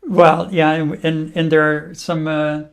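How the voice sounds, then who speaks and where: A man's voice: on the high side, level tone, measured pace. A man hosting a talk show, chatting wryly and reading out listener comments. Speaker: host.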